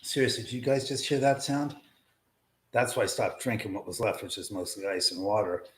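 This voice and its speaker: A man's voice: lowish voice, brisk, fairly bright tone. A man hosting a livestream from his home, wired on caffeine, rambling and swearing giddily. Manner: rambling, profane, giddy. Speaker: livestream host. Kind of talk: casual livestream chat. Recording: echoey room.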